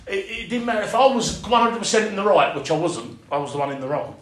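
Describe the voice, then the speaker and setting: A man's voice: sits high, expressive, fast, a bit bright, a little hiss or hum. Impassioned male preacher, echoey room. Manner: earnest, rising to impassioned, with everyday dialect grammar. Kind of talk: sermon.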